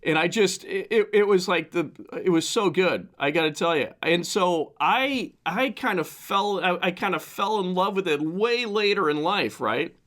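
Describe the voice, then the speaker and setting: A man of fifty, hoarse from the flu, hosting a casual solo podcast monologue into a desk mic and rambling with many restarts. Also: high-pitched, lively intonation, normal speed, few pauses, fairly bright tone. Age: 50s. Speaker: podcast host.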